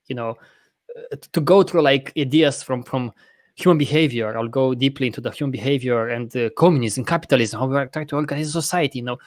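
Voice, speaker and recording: Rambling, profane podcast host. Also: male voice, mid-range voice, fast, no echo. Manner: rambling, profane, self-correcting; laughs often. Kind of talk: casual podcast chat.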